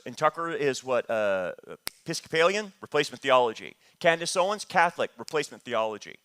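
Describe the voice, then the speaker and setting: A man's voice: a little high, fairly bright tone. A man teaching a church Bible study, emphatic and repetitive, rising into heated outbursts. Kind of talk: sermon-style teaching.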